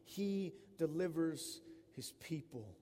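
High-voiced man preaching in a reverberant hall. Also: expressive, slow pace, dark tone. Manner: conversational, emphatic, with frequent 'right?' asides. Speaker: pastor. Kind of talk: expository sermon. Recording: long reverb of a large hall.

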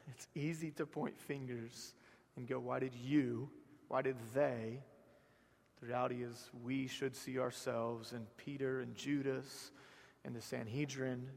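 Gravelly Southern pastor preaching in a hall. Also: male voice, medium pitch. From South Georgia, US. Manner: swings from hushed to loud and rising, repeats words for emphasis. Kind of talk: sermon.

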